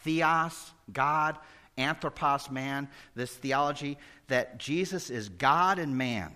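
Man, pastor, sermon, animated, bright, forceful, somewhat high voice. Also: measured pace. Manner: animated, swings from loud exclamations to hushed asides.

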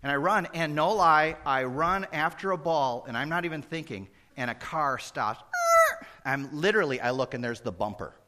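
A middle-aged male pastor preaching a sermon, moving between loud exclamations and hushed asides. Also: a little high, lively intonation, moderate pace.

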